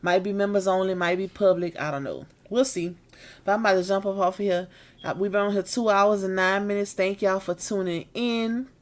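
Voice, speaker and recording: A woman's voice: mid-range voice, steady tone. A woman hosting a live stream, chatting casually with her viewers and saying she is tired and needs a nap. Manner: chatty, drawn-out Southern-style slang with y'all and baby. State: tired and yawning.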